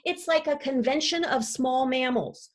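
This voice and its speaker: A woman reading aloud as a chatty, dramatic classroom pet parrot who makes up rhymes. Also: measured pace. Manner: lively storytelling with playful rhymes and pitch leaps. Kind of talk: children's book read aloud.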